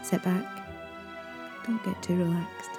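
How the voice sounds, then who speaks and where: A woman's voice: fairly low pitch, takes it slowly, over music. A woman hosting a podcast, introducing the episode in a chatty, friendly way. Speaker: podcast host.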